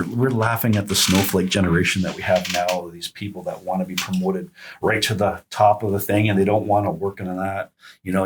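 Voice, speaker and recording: Low husky-voiced man, reflective. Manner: reflective, halting storyteller. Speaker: podcast guest. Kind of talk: casual conversation.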